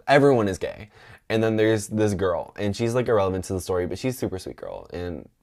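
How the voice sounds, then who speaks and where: A man's voice: on the low side, big pitch swings, a little fast, darkish tone. A man in his twenties telling a long, gossipy personal story on a podcast, chatty and full of fillers and asides. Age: 20s. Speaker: podcast host. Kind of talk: casual storytelling.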